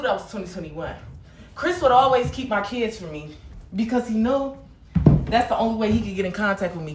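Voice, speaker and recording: A woman's voice: on the high side, reverberant. A woman hosting a livestream, venting in a blunt, heated, profane way. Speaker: livestream host.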